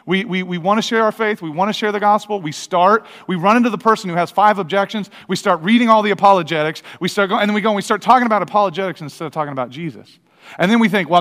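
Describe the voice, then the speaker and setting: Midwestern male pastor, energetic, rapid conversational sermon, reverberant church hall. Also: a little high. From American Midwest. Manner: energetic, conversational, many restarts and acted-out quotes. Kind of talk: sermon with personal stories. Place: church sanctuary. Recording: long reverb of a large hall.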